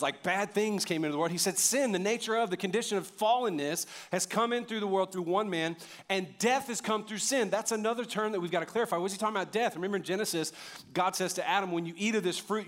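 An American pastor preaches a conversational sermon, putting questions to the congregation and frequently repeating words. His voice is high-pitched with a fairly bright tone.

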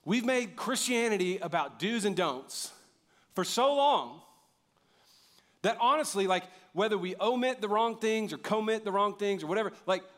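Animated pastor man preaching. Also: high voice, moderate pace. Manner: animated, swings from loud outbursts to quiet emphasis; conversational, jokes with the congregation. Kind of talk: sermon.

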